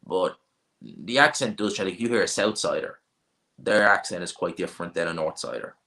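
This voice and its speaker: A man with a North Dublin accent chats casually on a livestream and answers viewers' questions. His voice sits low but has a bright, forceful edge. He gives blunt, offhand opinions and often restarts his sentences. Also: a little fast. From Ireland. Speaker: livestream host.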